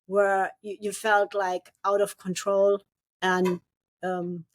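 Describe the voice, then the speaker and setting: A woman co-hosting a podcast, speaking thoughtfully and in a measured way, with frequent pauses. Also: mid-range voice, little pitch movement, slight background noise. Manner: thoughtful, measured, with many ums. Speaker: podcast co-host. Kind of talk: reflective podcast conversation.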